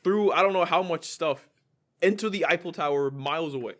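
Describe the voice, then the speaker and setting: A man's voice: fairly high pitch, fairly quick, fairly bright tone. A man co-hosting a podcast in casual chat, reacting bluntly and with disbelief. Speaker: podcast co-host.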